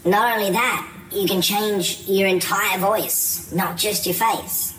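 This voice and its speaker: A man's voice: high voice, fairly even intonation, slow, sharp tone, recorded from a distance, a little hiss or hum, voice pushed up, heavily acted, poor audio. A man speaking through a voice changer app, his voice turned into a filtered cartoonish voice. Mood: playful.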